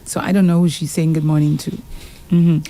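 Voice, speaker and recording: A woman's voice: sits low, flat delivery, a little fast, mellow. A woman with a Saint Lucian accent co-hosting a radio show, reading out listener messages with frequent laughter. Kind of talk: casual radio chat.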